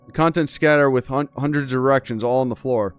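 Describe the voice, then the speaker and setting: A man's voice: mid-range voice, fast, clean tone, faint music behind. A man hosting a gaming channel, reading a game's story aloud with casual, crude commentary and disbelieving asides.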